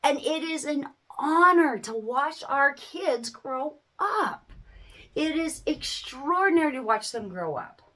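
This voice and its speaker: A woman's voice: sits high, expressive, takes it slowly, sharp tone. A woman, a parent, giving a casual life-lesson talk to camera, earnest and repeating phrases for emphasis. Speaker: parent and small business owner.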